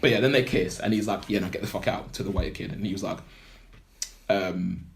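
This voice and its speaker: A man's voice: low voice, brisk, creaky, a little hiss or hum. Rambling young man. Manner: rambling storyteller, heavy filler words. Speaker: podcast co-host. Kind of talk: casual film recap chat.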